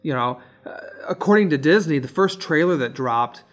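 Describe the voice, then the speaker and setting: A man co-hosting a casual film review chat, relaxed and rambling with lots of fillers. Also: a little high, moderate pace, faint music behind. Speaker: podcast co-host.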